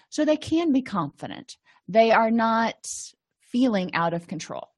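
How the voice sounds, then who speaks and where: A woman's voice: on the high side, big pitch swings, a little slow. A woman teaching therapy skills to clinicians in a conversational way, often acting out short sample dialogues. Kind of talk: lecture to clinicians.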